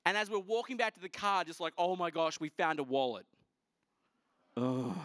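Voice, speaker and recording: An Australian man preaching a sermon in an animated, joking way, quizzing his congregation. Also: sits high, no echo, clean studio sound. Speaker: pastor.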